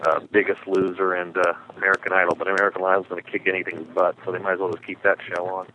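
A man calling in to a radio show over the phone, chatting in a relaxed way. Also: low-pitched, racing, narrow, tinny audio, a little hiss or hum. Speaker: caller. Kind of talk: phone-in chat. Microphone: phone line.

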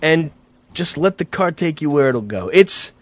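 A man's voice: fairly high pitch, expressive, a little slow. A man hosting late-night comedy radio, talking in a laid-back, teasing way. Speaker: radio host.

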